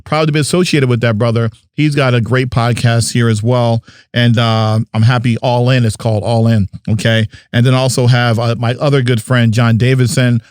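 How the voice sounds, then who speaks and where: A man's voice: medium pitch, darkish tone, no room sound. Guy from jersey hosting a podcast, joking around, hyping people up, dry sound. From New Jersey. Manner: playful, chatty, hypes up guests. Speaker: podcast host. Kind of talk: casual podcast chat.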